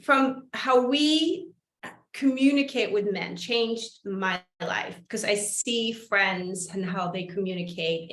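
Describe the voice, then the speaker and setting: A woman's voice: mid-range voice, fairly bright tone. Woman host, enthusiastic and chatty, recorded in a reverberant room. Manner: enthusiastic, chatty, laughs often. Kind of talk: conversational interview. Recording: echoey room.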